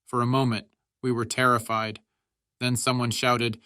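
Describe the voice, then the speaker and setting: Male audiobook narrator, measured, steady, bright voice, dry close sound. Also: mid-range voice, clear, resonant tone, no echo.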